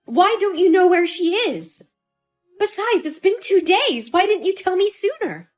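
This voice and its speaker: A woman as a young mom freaking out, high and pleading, voice jumps all over. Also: very animated, a little slow, a little mellow, faint music behind. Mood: distraught. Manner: pleading, distraught. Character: young mother desperate over her missing daughter. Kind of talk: dramatized story dialogue.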